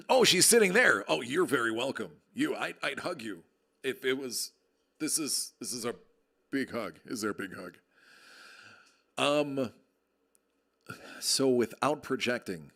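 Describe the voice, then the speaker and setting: A man with a gravelly, fry-edged voice chats on a live stream in a projected, radio-style delivery. He sits close to a desk microphone, joking and reading out viewer comments at an everyday pitch. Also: animated, a little slow, pauses often, a bit bright. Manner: jokey, chatty, reads out viewer comments. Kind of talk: casual live-stream chat. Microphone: close desk microphone with level meter.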